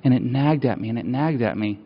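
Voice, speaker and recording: A man's voice: medium pitch, brisk, husky. Male preacher, conversational storyteller who builds with repeated phrases; long hall echo, slightly muffled sound. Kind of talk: personal sermon storytelling. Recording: dull, reverberant hall sound.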